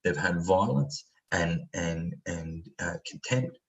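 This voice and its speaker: In a muffled recording, a man with a deep voice speaks slowly while facilitating an online training workshop. His delivery is conversational, heavy on fillers, and he acts out example voices.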